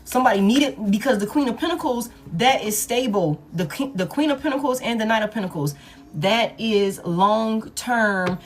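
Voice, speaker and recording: A woman's voice: on the high side, lively intonation, normal speed, faint music behind. A woman giving a casual collective tarot reading, blunt and profane, who repeats her points for emphasis. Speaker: tarot reader.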